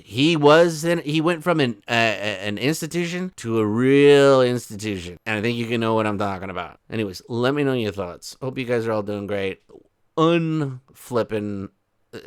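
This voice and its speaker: Brief: male vlog commentator, mid-pitched, incredulous and rambling, dry close sound. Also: a bit bright, no echo. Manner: incredulous, rambling with many restarts. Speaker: online commentary host. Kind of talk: casual commentary.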